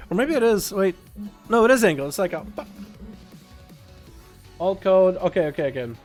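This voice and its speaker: Young male game streamer, high voice, sick, rambling and excitable, faint music behind. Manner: excitable, rambling, laughs often. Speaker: livestream host. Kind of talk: casual gaming stream chat.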